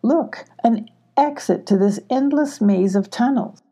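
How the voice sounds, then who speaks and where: A polite, shy young girl from a storybook, asking and pleading in a lifted voice, as a woman reads her. The tone stays husky and warm. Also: fairly high pitch, unhurried, voice pushed up. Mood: concerned.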